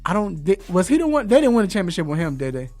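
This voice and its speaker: A man hosting a casual sports talk show, animated and laughing, with loose slangy banter. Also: high-pitched, fast talker, soft background music. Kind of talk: casual sports commentary chat.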